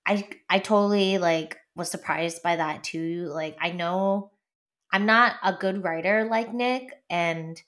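A young woman in casual chat, supportive and warm-hearted toward her friend. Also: lowish voice, takes it slowly. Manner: supportive, frequent backchannels.

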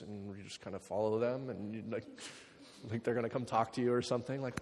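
A man preaching a sermon, talking casually with lots of fillers and sometimes dropping to quiet, reflective passages. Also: on the low side, flat delivery, fast. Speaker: pastor. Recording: hall reverb.

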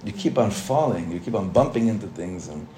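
A man's voice: fairly low pitch, animated, a little fast, warm tone, a little hiss or hum. A man, a rabbi, teaching a casual Torah class in a conversational way, asking the group questions and mixing in Hebrew terms.

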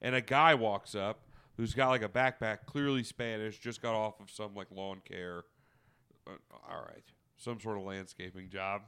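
A man's voice: fairly low pitch, normal speed, smooth. A man telling a story in casual podcast chat, swearing freely and piling on fillers. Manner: profane, animated storytelling with lots of fillers.

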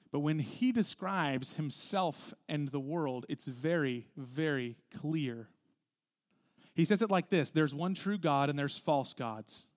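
A pastor in a mid-range voice preaches a sermon, reading scripture with deliberate weight and getting louder whenever he stresses a point.

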